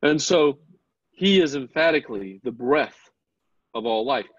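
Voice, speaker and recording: A man teaching a Bible class in an earnest, excited lecture, putting questions to his students. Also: mid-range voice, unhurried, no echo. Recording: dull lo-fi class recording.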